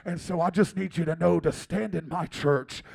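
A man putting on an intense booming pastor. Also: moderate pace, vocal fry, slightly rough, full character voice. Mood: stern. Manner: wrestling-promo bravado, shouted threats.

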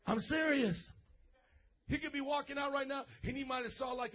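A man preaching a lively sermon as a pastor, playful, calling for responses and acting out little scenes. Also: very high-pitched, a little fast, breathy edge. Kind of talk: energetic sermon to youth. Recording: dull lo-fi recording.

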